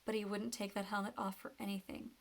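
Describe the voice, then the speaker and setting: A woman's voice: medium pitch, flat delivery, quick pace, creaky. A woman voicing a confident teenage girl in a storybook reading, casual and knowing. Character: confident teen girl, pink-haired cheerleader.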